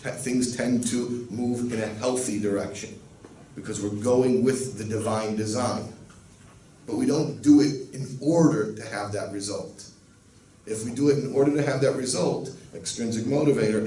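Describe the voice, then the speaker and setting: A man's voice: mid-range voice, normal speed, dark tone. A man giving a Torah lecture as a rabbi, earnest and teaching, with Yiddish and Hebrew words woven into his talk. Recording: roomy, distant mic, faint noise.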